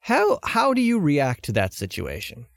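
A man hosting a casual podcast chat, playful and quick to laugh. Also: on the high side, vocal fry, dry recording, studio quality. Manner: animated, laughs often, playful. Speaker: podcast host.

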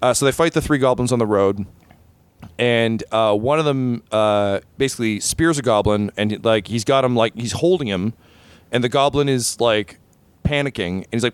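A man in casual podcast talk, spinning gaming anecdotes with energy and jumping into quick character voices. His voice is mid-pitched and the recording is dry and close, with no room around it. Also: clear, resonant tone, no echo. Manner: animated storyteller, acts out quoted voices. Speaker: game master.

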